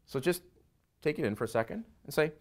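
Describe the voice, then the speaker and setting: A middle-aged man, a pastor, preaching a sermon that swings between quiet asides and loud emphasis. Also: a little high, lively intonation, fast.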